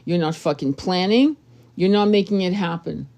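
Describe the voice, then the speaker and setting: Blunt, foul-mouthed woman with a mellow voice. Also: fairly low pitch, normal speed, creaky. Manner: blunt, profane, emphatic. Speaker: tarot reader. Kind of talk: casual advice monologue.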